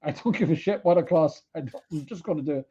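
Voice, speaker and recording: Irish man, high-pitched, rambling late-night chat, muffled stream sound. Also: quick pace, dark tone, breathy edge. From Irish border region. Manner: rambling, restarting, swearing freely. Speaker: co-host.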